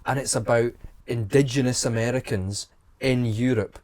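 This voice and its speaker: A man's voice: mid-range voice, steady tone, normal speed, darkish tone. A Scottish man, a historian, chatting casually on a podcast with dry, teasing humour. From Scotland. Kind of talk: casual conversation.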